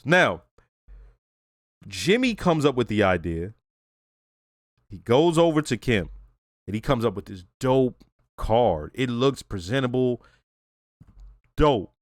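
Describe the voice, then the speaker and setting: Man, reaction host, casual episode review, profane, lively pitch, dry sound. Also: normal speed, no echo. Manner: animated, profane, conversational.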